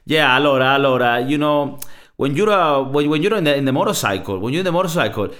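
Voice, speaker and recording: A man imitating an excitable Italian motorcycle racer, speaking in an Italian accent and repeating himself as he stumbles over his English. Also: mid-range voice, pitched above the performer's own voice, natural voice. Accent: Italian, put on. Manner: halting, repeats himself, drops in Italian words.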